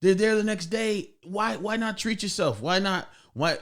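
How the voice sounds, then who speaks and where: A man's voice: high voice, normal speed, a bit bright. A man hosting a podcast, chatting casually and profanely with many restarts. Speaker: podcast host. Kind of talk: casual chat.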